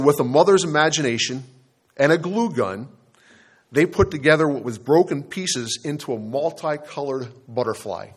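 A man preaching a sermon, telling a story and speaking straight to the congregation, slowing down on the key points. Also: mid-range voice, a bit bright. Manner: storytelling, addresses the congregation directly, slows down for emphasis. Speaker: pastor.

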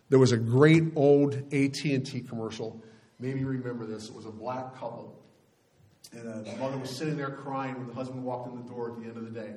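A man's voice: medium pitch, warm tone. A middle-aged man preaching a sermon as pastor, speaking in a conversational, folksy way with frequent restarts.

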